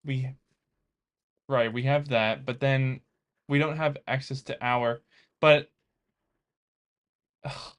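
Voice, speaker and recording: In a clear, resonant, medium-pitched voice, a young American man codes on camera and thinks out loud, chatting with viewers. He speaks slowly with long pauses and fairly even intonation, muttering as he works through the code.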